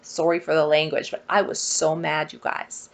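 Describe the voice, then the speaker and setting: A woman telling a personal story to her viewers in a casual vlog, animated and exasperated. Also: low voice, normal speed. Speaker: vlogger.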